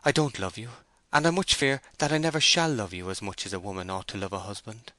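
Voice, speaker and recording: A man's voice: lowish voice, steady tone, quick pace, pushed and bright, no echo. A man voicing a proud, troubled young farm owner in an audiobook, speaking with earnest, tense feeling, his voice lifted a little above his own. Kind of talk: audiobook character voice.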